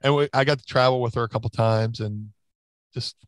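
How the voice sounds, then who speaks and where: A man's voice: mid-range voice, fairly even intonation, a little fast, no room sound. Rambling man telling wrestling stories. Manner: rambling anecdotes with many restarts and fillers. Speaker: interview guest, former wrestler. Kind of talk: casual storytelling.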